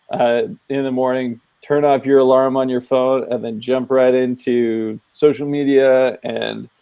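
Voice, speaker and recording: A man co-hosting a casual video-call chat, easygoing and thoughtful, pausing with frequent ums. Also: mid-range voice, dark tone, rough recording. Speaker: co-host. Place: home office, video call.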